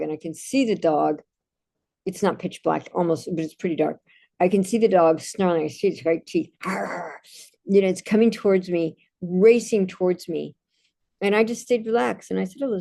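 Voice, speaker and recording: A woman speaks in a low, gravelly voice with a mellow, dark tone. She tells personal stories in a relaxed, casual monologue, pausing and restarting often. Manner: calm, anecdotal, with frequent restarts. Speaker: meditation speaker.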